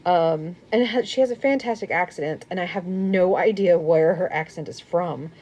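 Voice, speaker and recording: A young woman chatting casually on a crochet live stream at home. She rambles, laughs often and sometimes drops to a soft murmur. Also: on the low side, moderate pace.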